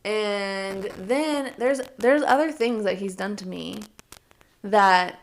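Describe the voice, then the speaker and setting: A young adult woman co-hosting a podcast in casual chat, telling lively stories, acting out the quotes and swearing freely. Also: mid-range voice, slow pace. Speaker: podcast co-host.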